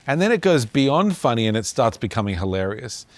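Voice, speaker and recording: A man's voice: mid-range voice, sing-song, a little fast, no echo. A male podcast host chatting casually, asking long, loosely framed questions. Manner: easygoing, asks rambling questions. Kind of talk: casual interview.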